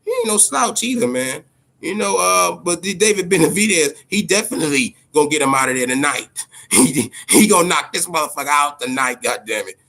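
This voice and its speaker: A man's voice: on the high side, lively intonation, a little fast, creaky, bright, forceful tone. A man hosting a casual boxing livestream, talking loosely and profanely, repeating himself and answering his chat viewers. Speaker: boxing show host.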